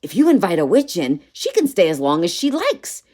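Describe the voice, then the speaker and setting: Woman doing a storybook boy, earnest, watchful, lowish voice, lively lilt. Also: brisk. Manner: earnest and warning. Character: watchful, sensible young boy.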